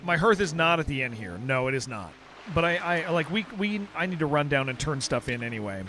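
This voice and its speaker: Fairly high-pitched, expressive and sharp-toned, this game streamer talks fairly quickly in casual livestream chat. He rambles, keeps restarting sentences, and says dude constantly, with slight background noise.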